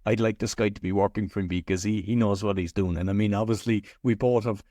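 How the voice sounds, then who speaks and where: A man's voice: lowish voice, fairly even intonation, fairly quick, mellow, no echo, clean studio sound. A man hosting a podcast, speaking in a friendly, encouraging way and praising his guest. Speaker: podcast host. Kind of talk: podcast interview chat.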